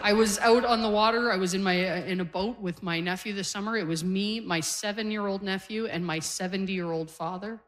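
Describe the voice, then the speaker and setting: A woman's voice: medium pitch, fairly quick, hardly any pauses, fairly bright tone, long reverb tail. Self-mocking Canadian woman doing stand-up. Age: 40s. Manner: chatty, self-deprecating, laughing through lines. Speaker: stand-up comedian. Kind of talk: stand-up set. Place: comedy stage before a live audience.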